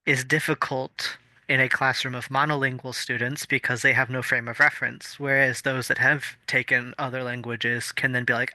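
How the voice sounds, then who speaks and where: A man's voice: medium pitch, little pitch movement, moderate pace, bright, forceful tone, dry recording. A man co-hosting a casual podcast, explaining things thoughtfully with fillers and restarts. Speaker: podcast co-host. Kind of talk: casual chat.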